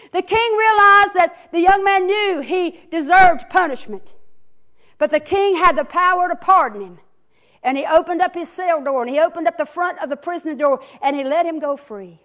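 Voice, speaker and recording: A woman's voice: very high voice, moderate pace, a bit bright. A woman preacher who teaches children's church, telling a sermon story with repeated words and restarts.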